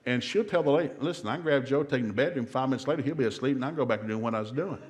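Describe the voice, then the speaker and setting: A man's voice: mid-range voice, darkish tone, a little hiss or hum. A middle-aged man with a Southern US accent, giving a humorous marriage seminar in a church and acting out the voices in his stories. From American South. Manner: fast-talking storyteller acting out quotes. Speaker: seminar speaker. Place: church hall.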